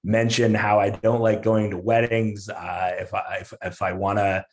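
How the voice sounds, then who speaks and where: Animated male comedian telling a story. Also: lowish voice, moderate pace. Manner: animated, lots of fillers and restarts. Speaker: comedian guest. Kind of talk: casual podcast storytelling.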